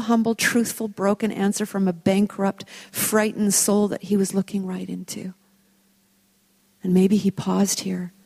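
A woman leads a Bible study, retelling a scripture story in an expressive, reflective manner. Her tone is mellow and warm, at an ordinary middle pitch. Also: creaky.

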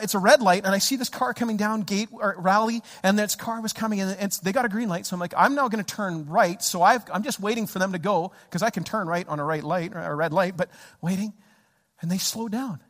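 A man preaching a sermon, telling a story with lively animation and acting out his own frustrated shouts. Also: high voice. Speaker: pastor. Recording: church hall reverb.

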